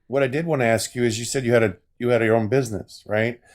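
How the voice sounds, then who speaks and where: A man's voice: mid-range voice, fairly even intonation, quick pace. A man calling in to a live political show, arguing in a taunting, sarcastic way. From Florida. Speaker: caller. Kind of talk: heated live call-in debate.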